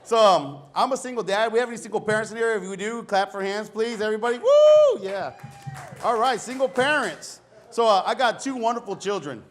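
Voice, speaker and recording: A man's voice: high-pitched, fast, a bit bright. A middle-aged man doing a conversational, self-deprecating stand-up comedy set before a live audience. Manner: conversational, self-deprecating, acts out dialogue in raised voices.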